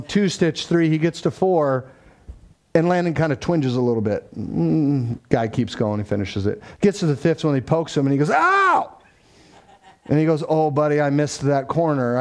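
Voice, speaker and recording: Male preacher, higher-pitched and conversational, lively family anecdote mid-sermon. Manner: conversational, animated storytelling with quoted dialogue. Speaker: pastor. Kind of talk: sermon storytelling.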